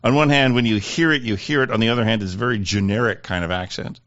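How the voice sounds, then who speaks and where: A man's voice: fairly low pitch, fast, a bit bright, no room sound, lo-fi sound. A man from Manitoba with a Canadian prairie accent, co-hosting in easygoing casual chat. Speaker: co-host. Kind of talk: casual conversation.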